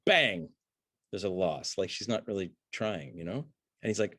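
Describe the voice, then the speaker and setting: Lively male acting teacher, dry close mic. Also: fairly low pitch, quick pace, dry recording. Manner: excitable, acts out the lines of those he talks about. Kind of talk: animated scene breakdown.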